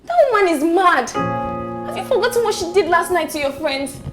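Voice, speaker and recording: A woman's voice: very high-pitched, animated, a little fast, loud music behind the voice, low-quality recording. An actress with a Nigerian accent playing a young student who pleads for help for her brother, talking earnestly. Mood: pleading. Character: young woman student, worried sister. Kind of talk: film drama acting.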